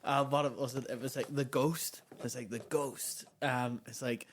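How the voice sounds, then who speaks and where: A man's voice: medium pitch, fairly even intonation, normal speed, slight background noise. A man who tells a story in a casual podcast chat, hesitating with many fillers.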